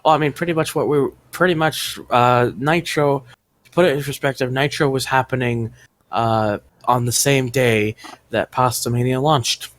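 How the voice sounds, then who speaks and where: Man, casual rambling chat, mid pitch, dry close mic. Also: steady tone, normal speed, no room sound. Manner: rambling, explains with restarts. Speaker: podcast co-host. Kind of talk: casual chat while watching wrestling.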